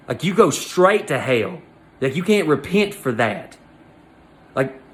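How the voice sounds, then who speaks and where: Man ranting through a comedy story. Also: medium pitch. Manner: animated, exasperated rant with crude jokes.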